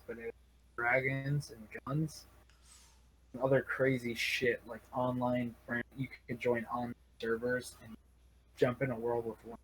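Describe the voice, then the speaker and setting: A man's voice: mid-range voice, fairly bright tone, husky, poor audio. A man from Wisconsin, a guest on a stream, telling jokes and rambling stories. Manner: joking, rambling storyteller. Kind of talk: casual interview chat.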